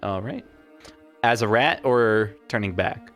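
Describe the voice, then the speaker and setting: A man narrating as game master in a tabletop game, relaxed and full of fillers. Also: on the low side, slow pace, faint music behind. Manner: relaxed, hesitant, many fillers.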